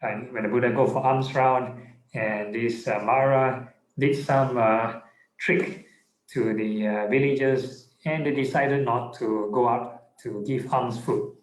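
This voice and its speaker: A man, a monk, giving a relaxed Buddhist Dhamma talk online, with many fillers and checking in with "yeah?". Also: medium pitch, slow, reverberant, low-quality recording. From Singapore. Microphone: online video call.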